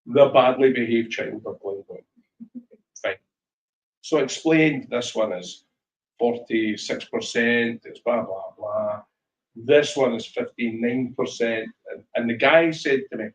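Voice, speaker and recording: A Scottish man telling lively whisky stories as a guest speaker at a tasting, acting out voices as he goes. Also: medium pitch, a little slow, roomy sound, recorded from a distance, slight background noise, rough recording. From Scotland. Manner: animated storyteller, acts out voices in anecdotes. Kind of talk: live storytelling chat at a tasting. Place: shop tasting room.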